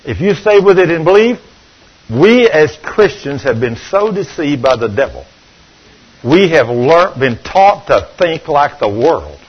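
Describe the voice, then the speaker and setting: An older man preaching a sermon, telling stories and swinging between loud and hushed. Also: on the high side, big pitch swings, a little slow, breathy edge. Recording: dull lo-fi recording.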